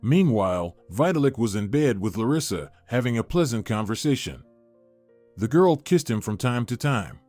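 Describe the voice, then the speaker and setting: A man reading a dramatic story aloud in an even, measured storytelling manner. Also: medium pitch, no echo, faint music behind. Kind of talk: scripted story narration.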